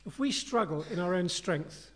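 A man's voice: high-pitched, animated, moderate pace, fairly bright tone. A man preaching a sermon in an earnest, conversational and reflective way.

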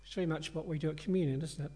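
A preacher with a voice a touch higher than most men's speaks rapid-fire, with a breathy edge, while guiding his congregation through a passage. The sermon feels relaxed and conversational, earnest and reflective.

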